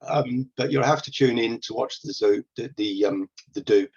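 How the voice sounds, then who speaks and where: Hesitant husky man, lo-fi talk. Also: mid-range voice, normal speed. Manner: hesitant, many ums and restarts. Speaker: theatre company presenter. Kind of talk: casual spoken talk about plays. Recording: dull lo-fi recording.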